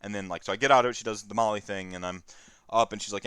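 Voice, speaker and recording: A man in his thirties, a stream host, telling a candid personal story in a rambling, halting way with many fillers. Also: low voice, fairly bright tone, clean tone, no room sound.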